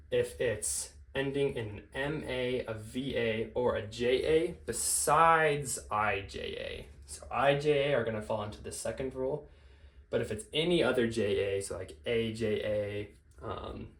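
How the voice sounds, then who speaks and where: A man teaching a language lesson in a relaxed, explanatory way, often pausing with fillers and correcting himself. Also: on the low side, creaky, roomy sound, poor audio.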